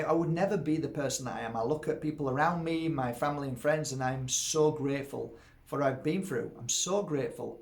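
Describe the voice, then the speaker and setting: A man's voice: a little high, a little hiss or hum. A man in his fifties, an energy healer, talking earnestly and from the heart straight to his viewers in a candid monologue. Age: 50s.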